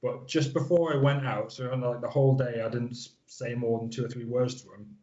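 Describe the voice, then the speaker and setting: A man's voice: mid-range voice, steady tone, fairly quick, darkish tone, highs cut off. A man in his thirties from the Isle of Man, a guest wrestler chatting casually and rambling with fillers. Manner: rambling, lots of fillers and restarts. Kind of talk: casual interview chat.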